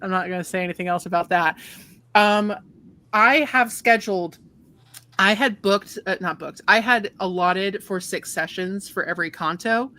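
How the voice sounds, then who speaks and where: Bright-voiced casual game master woman. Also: medium pitch, moderate pace. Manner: laid-back, swears casually, rambling with restarts. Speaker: game master and show host. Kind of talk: casual chat.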